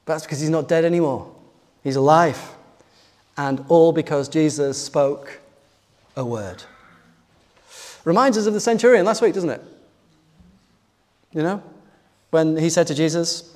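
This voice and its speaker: Earnest male preacher with a higher voice. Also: a little slow, long pauses, a little mellow. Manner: earnest storytelling with rhetorical questions. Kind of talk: sermon. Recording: long hall reverb.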